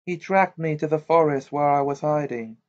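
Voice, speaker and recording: A man voices a proud, bitter female ghost for an amateur audiobook, delivering her lines stiffly and in a clipped way. He speaks at normal speed on the high side, above his natural pitch yet near an everyday voice, on a dull lo-fi recording.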